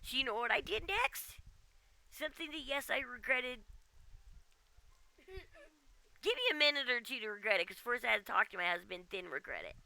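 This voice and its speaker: Exasperated woman streamer: high, gravelly voice, very bright and sharp, dry close sound. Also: expressive, moderate pace, long pauses, dry recording. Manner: exasperated, keeps tagging "okay?". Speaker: game streamer. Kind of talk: casual livestream rant. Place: at home.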